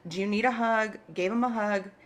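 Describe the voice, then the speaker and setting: A woman's voice: mid-range voice, fairly even intonation, brisk. A woman co-hosting a casual chat, talking easily and laughing often between stories. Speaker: co-host.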